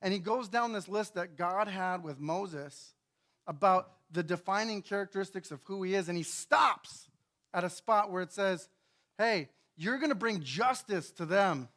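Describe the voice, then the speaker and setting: Male pastor, high voice, casual storytelling sermon with acted-out character bits and frequent "right?" checks. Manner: animated storytelling, acting out biblical characters in quick asides; casual, chatty, often asks "right?". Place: church sanctuary.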